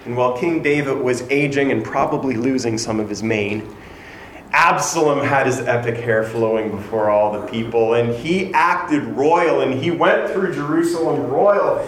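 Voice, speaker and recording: This sermon comes from a man whose voice sits a little high; he narrates a story, acts out what each person said, and pokes fun at himself along the way. His words ring through an echoey room carrying a faint ambient hum.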